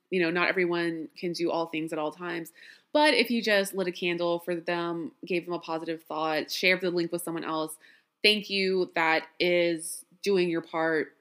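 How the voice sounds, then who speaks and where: A woman's voice: fairly low pitch, steady tone, a little slow. A tired woman with a Southern accent hosting a podcast, chatting casually and laughing at herself. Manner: chatty, warm sign-off with laughs, self-deprecating. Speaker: podcast host. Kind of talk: casual chat.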